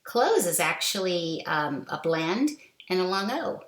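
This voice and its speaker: A woman teaching a kindergarten reading lesson, reading a simple book aloud slowly and deliberately for young children to follow. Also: lowish voice, big pitch swings, echoey room.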